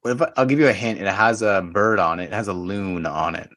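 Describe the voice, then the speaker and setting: A man's voice: deep voice, quick pace, a bit bright. A young Canadian man hosting a podcast, reading quiz questions and teasing his guest in a playful, casual way. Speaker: podcast host.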